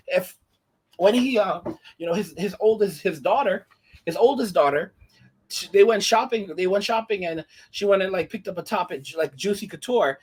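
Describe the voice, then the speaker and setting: A man's voice: sits high, husky. A man hosting a commentary channel, ranting indignantly and rambling with many restarts.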